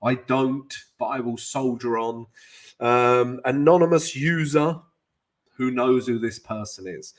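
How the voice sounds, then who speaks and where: A man with a cold hosting a live trading stream, chatty and upbeat, greeting viewers by name and adding self-mocking asides while walking through charts at his desk mic. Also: medium pitch. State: has a cold. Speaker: forex trading host. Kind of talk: livestream trading talk and chart walkthrough.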